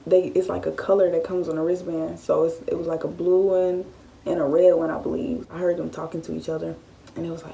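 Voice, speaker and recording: A woman in her late teens, telling a story-time vlog in a casual, animated style. She swears freely and often acts out what she was thinking. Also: on the low side, brisk, creaky, recorded from a distance, a little hiss or hum. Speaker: vlogger.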